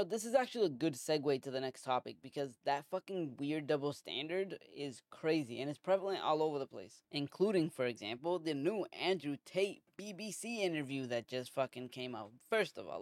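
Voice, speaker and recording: American guy ranting on his podcast, swears a lot, kinda high voice, dry close sound. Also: no echo. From United States. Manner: ranting, profane, lots of filler. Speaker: podcast host. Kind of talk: casual commentary monologue.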